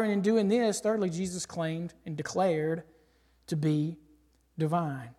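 A male pastor preaching a sermon and reading scripture aloud, emphatic, swinging from loud declarations to hushed asides. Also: a little high, steady tone, unhurried. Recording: long hall reverb.

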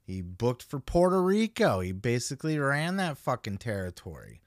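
A man's voice: medium pitch, wildly swooping pitch, moderate pace, no echo, clean studio sound. A man hosting a podcast, giving casual solo commentary in a blunt, profane, opinionated way. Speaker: podcast host.

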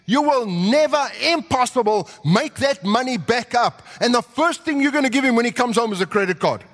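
A man preaching a sermon, telling the story with animated delivery and acting out the characters' voices. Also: extremely high pitch, moderate pace. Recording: long hall reverb.

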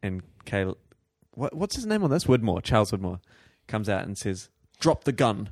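A man co-hosting a TV recap podcast in casual chat, lively and steering the conversation with quick asides. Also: fairly low pitch, vocal fry, no echo, clean studio sound. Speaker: podcast co-host.

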